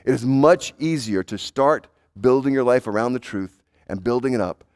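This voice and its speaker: At a normal speed, a male pastor gives an emphatic sermon that rises into urgency and drops into hushed, low intensity, with words repeated for emphasis.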